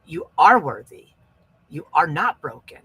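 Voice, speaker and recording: A man's voice: on the high side, big pitch swings, a little slow, pushed and bright, breathy edge. A man hosting a wellness podcast, talking in an earnest, emphatic coaching way and repeating his key phrases.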